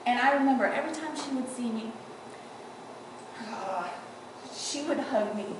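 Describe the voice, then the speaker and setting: Woman giving a eulogy, slightly high voice, laughing storyteller, echoey church, far from mic. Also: animated, measured pace, noisy background. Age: adult granddaughter. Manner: tearful-humorous storytelling, laughing often. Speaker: eulogy speaker. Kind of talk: personal eulogy at a funeral. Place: church, large room.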